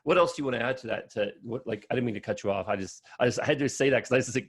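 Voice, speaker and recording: A man's voice: medium pitch, rapid-fire, gravelly, few pauses, husky. A man hosting a podcast interview, earnest and grateful, often restarting his words. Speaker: podcast host. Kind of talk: casual interview chat.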